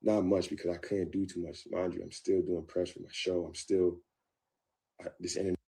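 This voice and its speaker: Low gravelly man telling his story. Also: fairly quick. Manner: animated, acts out his own past thoughts, repeats phrases. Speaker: guest. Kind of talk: candid storytelling interview.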